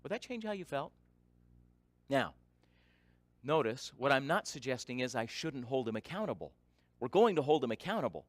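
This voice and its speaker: A middle-aged man giving a storytelling talk, listing points in rhythm and swinging from soft to loud for drama. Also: mid-range voice, sing-song, normal speed, pauses often, dry recording. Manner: dramatic, varies loudness, lists in rhythm.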